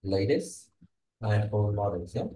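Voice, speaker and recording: A man's voice: on the low side, lively intonation, measured pace, dark tone, a little hiss or hum. A man tutoring a student one-on-one on English speaking, giving pronunciation feedback and checking in often with "yeah?" and "okay?". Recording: echoey room.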